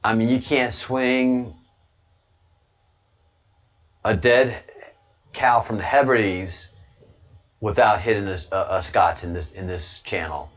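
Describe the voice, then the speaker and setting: A man's voice: on the low side, steady tone, slow pace, long pauses, dull audio. A man hosting a casual livestream, rambling to his chat and stammering over repeated words with frequent chuckles. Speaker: livestream host reading chat.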